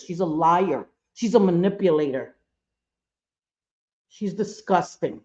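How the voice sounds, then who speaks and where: A woman's voice: fairly low pitch, lively intonation, takes it slowly, long pauses, mellow, muffled recording. Angry ranting woman on a livestream. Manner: angry, ranting, repeats herself. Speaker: livestream host. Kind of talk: casual livestream commentary.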